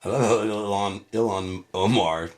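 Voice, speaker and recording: A man around fifty from the United States, ranting casually as a show host. He swears constantly, rambles loosely and breaks into loud laughing outbursts. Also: lowish voice, normal speed.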